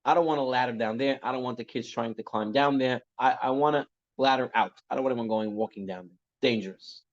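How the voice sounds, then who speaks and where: A man's voice: medium pitch, a little fast, close to an everyday voice. A man voicing a wealthy master who gives his servant firm instructions. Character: stern wealthy male master giving orders. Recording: muffled lo-fi recording.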